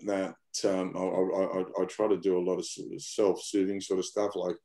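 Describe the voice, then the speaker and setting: An Australian man, a guest in a casual interview, talks at a moderate pace in a low, warm voice with a level tone. He's rambling and blunt, often repeating himself and leaning on slang.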